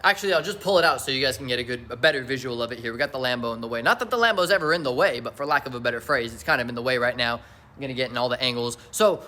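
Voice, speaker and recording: A man's voice: medium pitch, rapid-fire, pushed and bright. A man in his twenties hosting a casual home vlog, rambling and joking as he drifts off on tangents. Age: 20s. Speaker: vlogger host. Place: at home near his garage.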